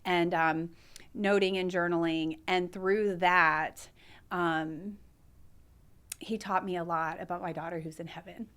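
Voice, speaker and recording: A woman guest on a podcast sharing a personal testimony in an earnest, heartfelt, soft-spoken way. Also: on the low side, steady tone, measured pace, clean tone.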